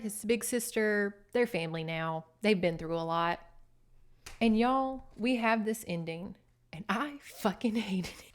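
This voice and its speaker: A woman hosting a casual book-recap podcast, chatty, animated and freely profane. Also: mid-range voice. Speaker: podcast host.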